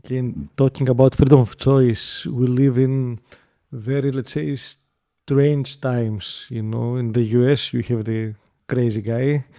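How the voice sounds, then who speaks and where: A male interviewer with a mellow, dark-toned voice in a mid register. He asks questions in a casual way and keeps the talk going with short murmured responses. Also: mid-range voice, fairly even intonation, unhurried. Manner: brief backchannels, questions with light laughter.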